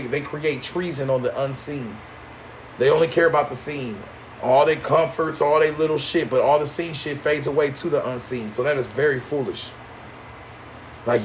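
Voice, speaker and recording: A man with a fairly high voice preaches in to a live audience. He talks in slang, swinging between loud outbursts and low mocking asides. A faint hum of ambience sits behind him. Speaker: spiritual teacher.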